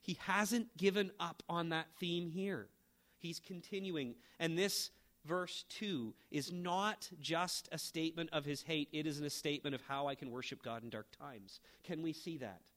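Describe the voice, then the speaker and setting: A middle-aged man preaching a sermon, emphatic, rising to fervent peaks and then dropping to a quiet, low delivery. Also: a little slow. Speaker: pastor.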